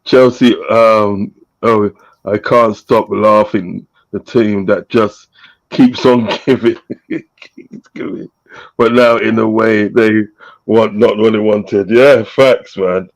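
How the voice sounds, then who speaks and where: A man's voice: lowish voice, steady tone, slow, rough recording. A man hosting a casual live-stream chat, reading out viewers' messages with frequent laughter. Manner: laughs often, reads out chat shout-outs. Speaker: host.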